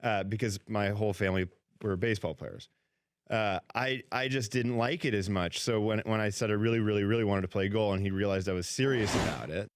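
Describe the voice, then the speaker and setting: A former hockey goalie turned actor, a man telling animated, rambling stories as a guest on a talk show, often restarting his sentences. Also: fairly low pitch, a little fast, dry recording, clean studio sound. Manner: lively, rambling, acts out quotes with restarts.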